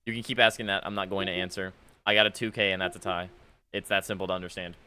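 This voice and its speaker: A man's voice: low voice, little pitch movement, quick pace, bright, forceful tone, smooth. A young man giving casual, sarcastic commentary while reading out chat messages from a game, exasperated and mocking. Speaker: gaming content creator.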